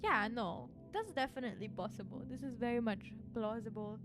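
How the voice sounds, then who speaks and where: A young woman streamer with a slightly high voice chats casually with her viewers. She rambles along, filling her sentences with "like" as she goes. Music plays clearly underneath her voice. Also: expressive, brisk. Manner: rambling, chatty, full of "like" fillers. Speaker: virtual streamer.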